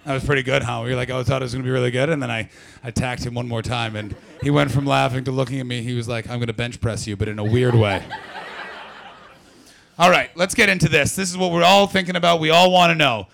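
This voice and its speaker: A man's voice: medium pitch, fairly even intonation, fast talker, creaky, few pauses, fairly bright tone. A man from Canada doing stand-up crowd work, brash and profane as he teases the audience. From Ottawa Valley, Canada. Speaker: stand-up comedian.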